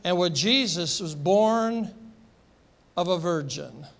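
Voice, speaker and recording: A man's voice: sits high, animated, takes it slowly, creaky, fairly bright tone. A middle-aged man preaching a sermon as pastor, passionate and emphatic, repeating phrases for force.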